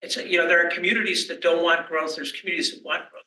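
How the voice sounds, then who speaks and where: A man speaking on a conference panel, talking in halting phrases with many restarts. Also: fairly high pitch, steady tone, bright, forceful tone, slight background noise. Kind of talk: panel discussion. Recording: echoey room from a distance.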